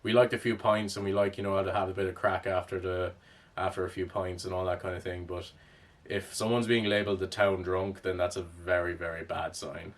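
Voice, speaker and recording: Cork irish guy ranting casually, swears a lot, low steady voice, bit distant from the mic. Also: brisk. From Ireland. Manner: rambling, wry, swears freely. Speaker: commentator. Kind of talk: casual commentary.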